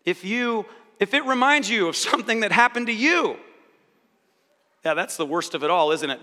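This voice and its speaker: A man giving a sermon-style teaching, animated, acting out quoted inner voices. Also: high-pitched, normal speed, long pauses. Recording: reverberant hall.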